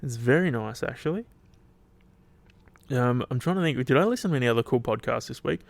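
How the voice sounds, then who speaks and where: Chatting alone on his podcast, a young Australian host speaks in an animated, medium-pitched voice that's slightly fast and creaky. His talk is casual, rambling and full of swearing, and the recording has no echo.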